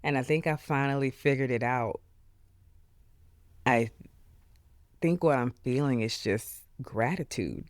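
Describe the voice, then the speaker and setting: A podcast host speaking alone in an earnest, heartfelt way, with many pauses and fillers, openly emotional. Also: mid-range voice, no room sound. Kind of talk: solo reflective podcast monologue.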